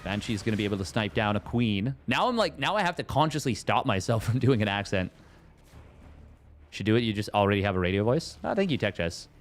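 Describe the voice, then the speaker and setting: A man's voice: on the low side, expressive, brisk, a little hiss or hum. A man doing casual live commentary on a strategy game match, playful and self-mocking, wandering into joking asides. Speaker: esports caster.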